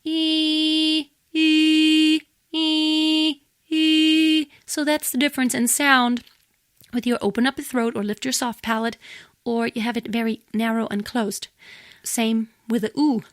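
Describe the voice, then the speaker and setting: A woman with a fairly high voice gives a singing lesson, explaining plainly between short demonstrations. The sound is close and dry, with no room around her. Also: steady tone, moderate pace, no echo. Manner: explains plainly, breaks into sung and breathy demonstrations. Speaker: singing teacher. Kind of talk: vocal lesson with sung demonstrations.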